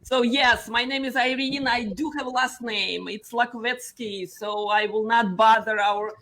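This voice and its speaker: A middle-aged woman from Russia with a Russian accent, chatting as a guest with quick, self-deprecating asides. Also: a little high, steady tone, fairly bright tone, poor audio. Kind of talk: casual chat.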